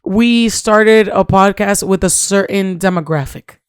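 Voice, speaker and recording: A woman's voice: mid-range voice, a little slow, clear, resonant tone, dry recording, studio quality. A woman co-hosting a podcast in casual chat, talking on with frequent restarts. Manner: chatty, restarts sentences often. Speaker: podcast co-host.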